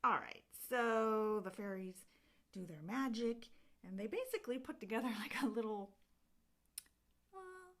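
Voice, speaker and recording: A woman's voice: on the high side, lively intonation, a little slow, long pauses. A woman vlogger retelling a book in casual chat, rambling with lots of filler words. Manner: rambling storyteller, heavy use of filler 'like'.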